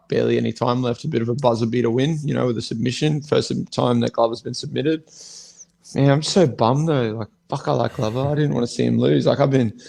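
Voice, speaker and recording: A man's voice: mid-range voice, creaky, a little mellow. A man, co-hosting a podcast as a fighter, talking bluntly and swearing in a rambling casual chat. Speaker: co-host, fighter.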